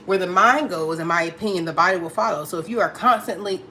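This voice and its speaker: A woman's voice: fairly low pitch, quick pace, pushed and bright, a little hiss or hum. A middle-aged woman hosting a casual live stream, chatty and affectionate, greeting viewers and talking through her opinions with many fillers. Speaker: livestream host.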